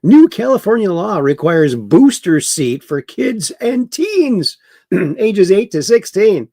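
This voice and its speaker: Man, livestream host, lively sing-song pitch, dry close sound. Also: unhurried, no room sound. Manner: mocking, chuckling political commentary. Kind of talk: casual livestream chat reading comments.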